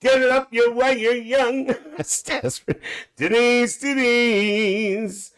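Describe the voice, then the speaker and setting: A man's voice: extremely high pitch, fairly even intonation, slow pace, fairly bright tone, clean tone, heavily acted. A man playing a cheeky, gossipy Northern Irish aunty with a Northern Irish accent, hosting a live stream in chatty, bawdy banter full of cackles.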